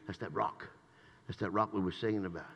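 Older male preacher, bright and forceful, shouting praise one moment, chatting low the next, church reverb. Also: steady tone, a little fast, creaky, lo-fi sound. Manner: swings from shouted praise to low conversational asides. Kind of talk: sermon. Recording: long reverb in a church hall.

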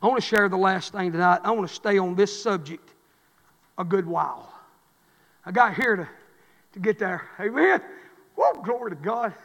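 A middle-aged man, a pastor preaching a sermon, swinging between fervent, rising exhortation and quiet storytelling. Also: high-pitched, expressive, moderate pace, gravelly, pauses often, in a large hall. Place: church.

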